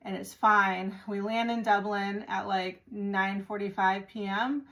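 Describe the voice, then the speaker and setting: A woman from the United States talks straight to her viewers in a relaxed, chatty storytelling voice. She sounds exasperated and acts out the people she met along the way. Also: medium pitch, unhurried. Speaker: vlogger. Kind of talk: casual storytelling to camera.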